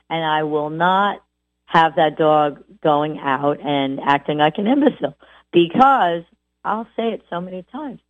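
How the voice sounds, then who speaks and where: Woman dog trainer, low voice, dry phone-like sound, animated, mimics owners. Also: no echo. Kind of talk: instructional talk. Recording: tinny phone-like audio.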